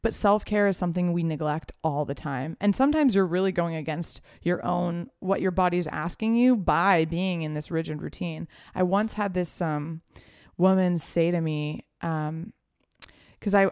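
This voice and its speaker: A woman co-hosting a relaxed podcast chat, quick to agree and easily drawn into stories. Her voice is somewhat low for a woman. The sound is dry and close. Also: smooth, no echo.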